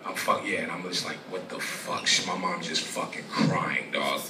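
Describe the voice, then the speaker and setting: A young man telling a personal story as a guest in a live interview, rambling and profane with halting restarts. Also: deep voice, fairly even intonation, sharp tone, slight background noise. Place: live venue stage. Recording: echoey room, distant mic, audience ambience.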